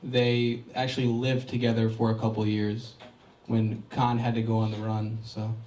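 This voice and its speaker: A man's voice: on the low side, flat delivery, normal speed, a little mellow, distant mic. Man laughing off-mic in an echoey room. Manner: laughing, self-deprecating. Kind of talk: casual remarks. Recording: echoey room, off-mic, faint ambient noise.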